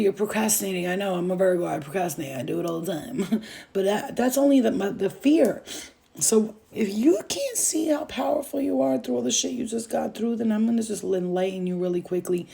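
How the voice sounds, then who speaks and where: A woman's voice: mid-range voice, a little fast, gravelly, mellow. A woman giving a casual channeled message to the viewer, emphatic and reassuring, swearing freely and repeating phrases for weight. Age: adult with a child. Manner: speaks straight to the viewer, reassuring. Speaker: spiritual reader channeling messages.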